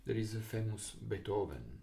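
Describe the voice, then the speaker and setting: A man's voice: fairly low pitch, sing-song, normal speed, creaky, very noisy. Man chanting rhythms. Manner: chants rhythm syllables, explains in slightly non-native English. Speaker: recorder teacher. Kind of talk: music lesson, counting rhythms aloud.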